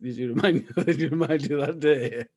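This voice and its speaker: A man co-hosting a casual podcast chat, mostly listening and answering in brief, quiet replies. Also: a little high, fairly quick, slightly rough. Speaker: podcast co-host.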